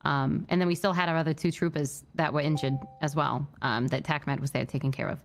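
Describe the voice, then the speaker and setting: A woman playing a state trooper in a roleplay, telling what happened in an upset but measured way, with many fillers and restarts. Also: sits low, fairly even intonation, slight background noise. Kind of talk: in-character roleplay briefing.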